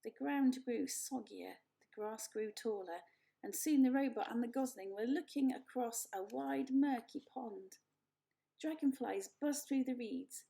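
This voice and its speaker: A woman reading a children's book aloud, gentle and unhurried, easily correcting her own slips. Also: fairly high pitch, vocal fry. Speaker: storyteller. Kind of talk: children's story read-aloud.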